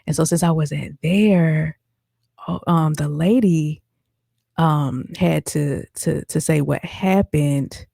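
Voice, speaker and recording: Her voice sits low, mellow and full of vocal fry, and she speaks slowly while casually sharing a personal story on her podcast. She calls her listeners "y'all" and leans on lots of fillers, all captured in clean studio audio without room sound.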